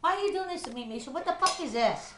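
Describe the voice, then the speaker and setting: A middle-aged woman taking on a food challenge in a casual home vlog, loud, excitable, laughing and swearing. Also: high-pitched, fast, very noisy. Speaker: vlogger doing a food challenge. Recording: echoey room.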